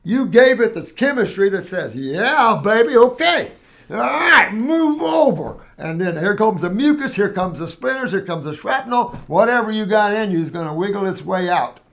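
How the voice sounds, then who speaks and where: Older male host, higher register, casual rambling storyteller. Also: fairly quick, hardly any pauses. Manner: rambling, animated storytelling with restarts and acted quotes. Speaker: herbal health show host answering questions. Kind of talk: casual Q&A talk.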